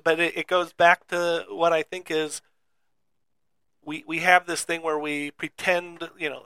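A man co-hosting a podcast in casual chat, with a fairly high voice that is gravelly and bright. He rambles in a skeptical way and restarts his sentences often. The sound is dry and close. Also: flat delivery, measured pace, no room sound. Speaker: podcast co-host.

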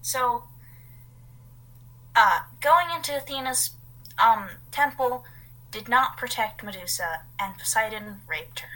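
Bright-voiced woman casually retelling a story. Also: fairly high pitch, takes it slowly, pauses often, rough recording. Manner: rambling, reading from notes with asides. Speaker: podcast co-host.

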